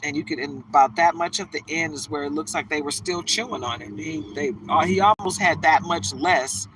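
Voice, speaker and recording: A woman's voice: low-pitched, brisk, distant mic, noisy background. A woman giving a tarot reading in casual chat, laughing often and drifting into stories, from a car. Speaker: tarot reader.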